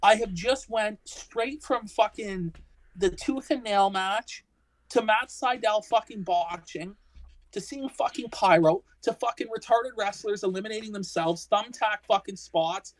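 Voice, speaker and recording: Woman co-host, casual stream chat, foul-mouthed exasperated rants, average pitch. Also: unhurried, low-quality recording. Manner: profane, exasperated ranting. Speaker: podcast co-host. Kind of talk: casual wrestling discussion.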